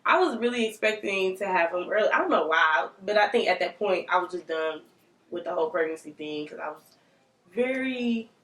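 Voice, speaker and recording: A young mother in a relaxed, chatty conversation with friends. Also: lowish voice, fairly quick. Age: young adult. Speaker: young mother sharing her experience. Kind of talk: casual chat with friends. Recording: echoey room, distant mic.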